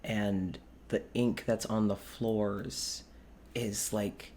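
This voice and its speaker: A man narrating a tabletop game as game master, quick and descriptive, stopping to correct names. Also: on the low side, little pitch movement, a little mellow, a little hiss or hum.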